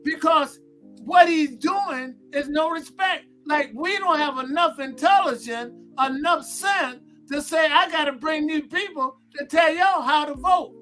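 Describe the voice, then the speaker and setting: Heated woman, very high bright voice. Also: a little slow, soft background music. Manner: heated, blunt, agreeing loudly. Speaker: panelist. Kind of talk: political talk show.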